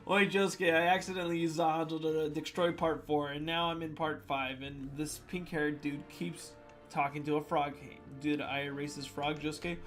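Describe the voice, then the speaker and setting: A man reading submitted fan jokes out loud in a playful comedic voice, with sudden loud swings. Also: fairly high pitch, little pitch movement, normal speed, faint music behind.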